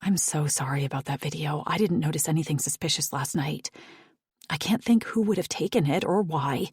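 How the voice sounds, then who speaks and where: A guarded, secretive woman answers in quiet, evasive phrases, as a woman narrator puts her on. The voice is low and husky. It is recorded close and dry. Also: a little fast, no room sound.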